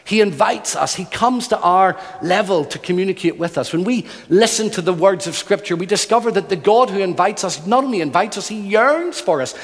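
Earnest high-voiced male preacher, reverberant hall. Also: lively intonation, fairly quick, hardly any pauses. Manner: earnest, emphatic, rhythmic repetition. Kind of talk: sermon.

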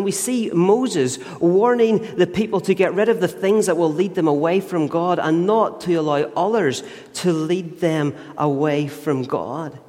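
A man's voice: high-pitched, a little mellow. A man preaching a sermon, telling a story earnestly and emphatically. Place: church. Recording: long church reverb.

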